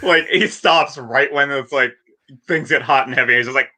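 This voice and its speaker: Bright-voiced man chatting about movies. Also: medium pitch, normal speed. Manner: laughing, animated retellings with acted quotes. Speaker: podcast guest. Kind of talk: casual movie chat.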